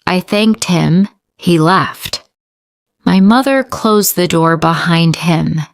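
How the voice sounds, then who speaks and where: A woman reading a first-person story aloud slowly and carefully for English learners. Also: on the low side, creaky, slight background noise.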